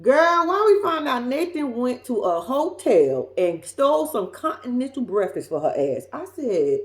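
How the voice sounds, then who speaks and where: A woman's voice: fairly high pitch, very animated, a little slow. A woman giving a blunt, sassy, profanity-laced casual recap of a reality show. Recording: roomy echo.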